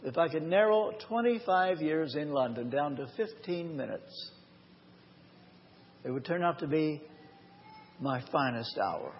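A man preaching a live sermon in a church, telling a personal story earnestly and slowing down to stress key phrases. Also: a little high, expressive, a little hiss or hum. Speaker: pastor. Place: church or large hall, live. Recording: long hall reverb, dull lo-fi sound.

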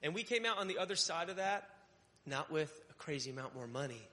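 A man's voice: on the high side, expressive, brisk, bright, forceful tone. A young adult male pastor from Connecticut preaching a sermon, telling personal stories and acting out his own thoughts. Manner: storytelling, acts out his own inner voice. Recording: long hall reverb.

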